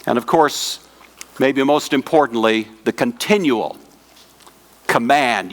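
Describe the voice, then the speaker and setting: A man giving a conference lecture to pastors, in a measured, teacherly manner, putting questions to his audience and slowing down and dropping his voice on key words. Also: medium pitch.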